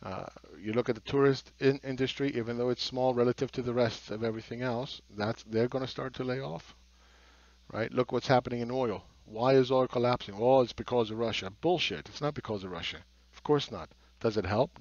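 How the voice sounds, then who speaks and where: A man's voice: mid-range voice, a little mellow, no room sound, lo-fi sound. A man giving a blunt market commentary monologue, sarcastic and swearing, who mocks other people's views. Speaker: market analyst.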